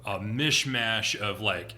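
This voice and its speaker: A man from Maine chatting casually while co-hosting a video game commentary, expressive and quick to laugh. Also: fairly low pitch. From Maine, USA. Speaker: co-host doing voices in a game commentary.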